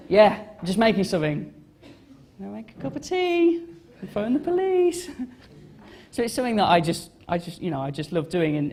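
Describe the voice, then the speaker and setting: A man's voice: fairly high pitch, a little mellow, a little hiss or hum. Rambling young man on stage. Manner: rambling, self-deprecating, many fillers and restarts. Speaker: designer giving a talk. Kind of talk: casual conference talk. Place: on stage at a live event.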